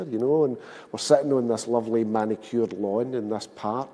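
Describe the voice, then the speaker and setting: A Glaswegian man in his fifties gives a wry, self-mocking storytelling speech to an audience. His voice is mellow and dark. It rings with the long reverb of a public hall. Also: mid-range voice, fairly even intonation, fairly quick. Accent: Glasgow. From Scotland. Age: 50s. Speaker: speaker at a public event.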